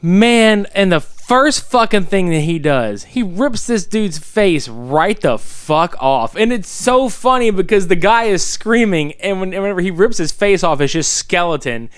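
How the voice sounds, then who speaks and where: Excitable, swearing young man, lively pitch. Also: unhurried, hardly any pauses, smooth, no echo, clean studio sound. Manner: excitable, swears a lot, laughs often. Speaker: podcast co-host. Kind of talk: casual movie recap chat.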